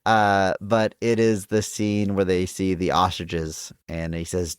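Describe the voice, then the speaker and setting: A man's voice: deep voice, level tone, takes it slowly, clean tone, clean studio sound. A man in his thirties co-hosting a podcast, playfully telling an anecdote in casual chat. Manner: playful, echoes names for laughs, tells anecdotes. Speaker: podcast co-host.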